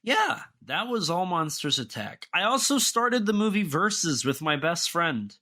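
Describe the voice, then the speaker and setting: A man's voice: sits high, very animated, unhurried, sharp tone. A young man co-hosting a podcast, talking in a casual, rambling way with many restarts and fillers. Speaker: podcast co-host.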